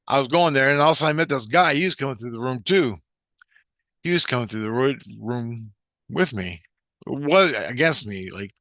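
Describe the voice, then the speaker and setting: A man's voice: medium pitch, fairly bright tone, no room sound. A man telling a rambling personal spiritual story in a casual, profane way, often restarting his sentences. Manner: profane, meandering, with frequent restarts. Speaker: spiritual vlogger.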